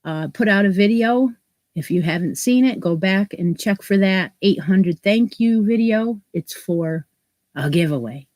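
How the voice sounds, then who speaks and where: A woman's voice: medium pitch, lively intonation, a little slow, a little mellow, dry recording. A woman hosting a crochet live stream, chatting casually and greeting viewers by name, her nose stuffed up from allergies. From New York State, US. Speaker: crochet channel host.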